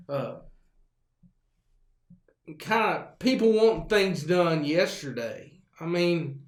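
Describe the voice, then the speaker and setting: A man spins a loose, folksy yarn as host of his own show. His voice sits quite high and wanders through fillers and false starts. The sound bounces around an echoey room. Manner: rambling, folksy, with many fillers and restarts. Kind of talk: casual storytelling monologue.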